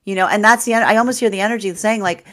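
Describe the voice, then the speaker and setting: A woman's voice: medium pitch, very fast, a bit bright. A woman tarot reader giving a live astrology reading, rambling with many fillers and restarts and laughing often.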